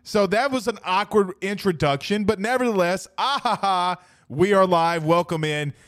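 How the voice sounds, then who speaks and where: A man co-hosting a casual sports podcast, excitable and animated, jumping between quick banter and self-corrections. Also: sits high, no echo. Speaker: podcast co-host.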